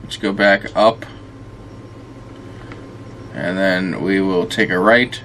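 A man's voice: sits low, steady tone, slow pace, fairly bright tone, slight background noise. A man giving casual let's-play commentary, rambling and swearing often as he talks to the game, tired and yawning. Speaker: gameplay commentator.

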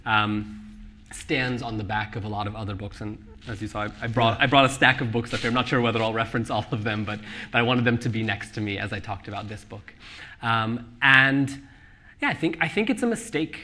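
Bright-voiced author, laughing at a live book talk. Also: male voice, fairly low pitch, a little fast, slight background noise. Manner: laughing, animated, many restarts. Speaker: author discussing his novel. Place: live event venue with audience.

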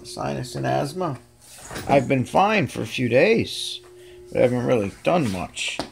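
Here a gravelly, mid-range male voice with lively intonation coos affectionately at his cats, keeping a measured pace. It's a relaxed home video shot on his phone camera indoors.

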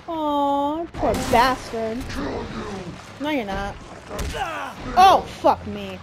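A young woman streaming a horror game, trash-talking enemies with constant swearing and excitable reactions. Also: high voice, drawn-out words, pauses often, noisy background. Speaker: gameplay streamer. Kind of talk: live game commentary. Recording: game music playing behind.

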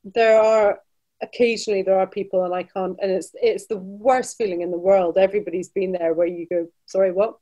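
A woman's voice: medium pitch, steady tone, a little fast, mellow. Chatty Scottish woman. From Scotland. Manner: chatty, restarts often, laughs between points. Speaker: travel business director, guest. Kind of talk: casual interview chat.

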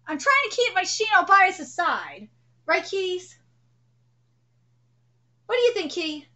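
A woman streaming a live manga reaction, excitable and profane, shrieking at twists and talking to her cat. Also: extremely high pitch, unhurried, pauses often, muffled recording.

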